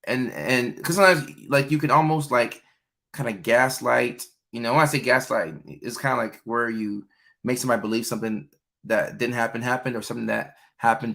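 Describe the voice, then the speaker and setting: Man, young adult, gravelly voice, casual livestream host, chatty with many fillers. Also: mid-range voice, fairly bright tone. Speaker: livestream host answering viewer questions. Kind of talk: casual live chat.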